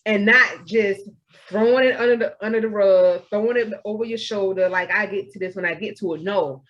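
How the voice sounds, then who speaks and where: A young woman, co-hosting a podcast in casual chat, animated and acting out her own inner voice. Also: medium pitch, fairly quick, highs cut off. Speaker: podcast co-host.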